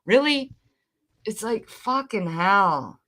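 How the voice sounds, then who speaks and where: A woman with a bright, forceful voice, talking in a casual live chat. She rants bluntly and swears a lot, with a brash edge. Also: medium pitch, lively intonation, slow. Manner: blunt, profane ranting. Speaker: livestream co-host.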